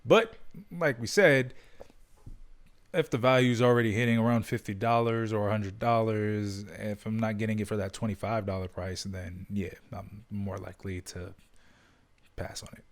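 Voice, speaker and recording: Young male co-host, lowish voice, playful teaser. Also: fairly even intonation, normal speed. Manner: joking, teasing. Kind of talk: casual chat.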